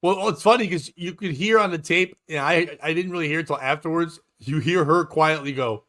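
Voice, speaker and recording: A man telling a rambling comedy-club story with a bright, forceful edge to his voice. His pitch sits a little high for a man. He jumps into quoted voices as he goes. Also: brisk. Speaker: comedian and podcast host. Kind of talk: casual storytelling chat.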